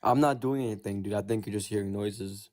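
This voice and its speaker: A man's voice: fairly low pitch, brisk, a little mellow. A man calling into a livestream, talking in a laid-back, plain-spoken way. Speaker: debate caller. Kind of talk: casual call-in chat.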